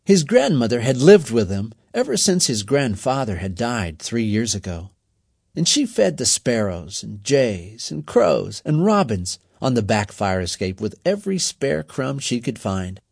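A husky male narrator gives a storybook reading, measured and expressive, his pitch lively and constantly rising and falling through each sentence. It's a dry recording, captured close with no surrounding room.

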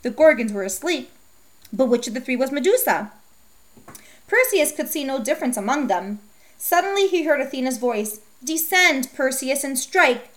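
A woman reads an old myth aloud in storybook style. Her voice sits a little high, and her reading is steady and measured. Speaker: narrator.

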